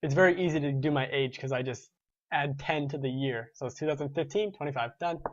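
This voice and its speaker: Rambling young man, slightly high voice. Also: brisk, no room sound, muffled recording. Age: 20s. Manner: rambling, restarts, chuckles. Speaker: gaming show host. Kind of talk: casual chat reading viewer comments.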